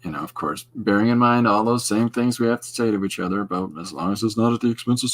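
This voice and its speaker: A man's voice: fairly low pitch, fairly quick, few pauses. A middle-aged man from Canada, hosting a podcast and rambling casually while he draws, wandering and restarting his thoughts. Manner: meandering, digressive, with many restarts. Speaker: podcast host and artist.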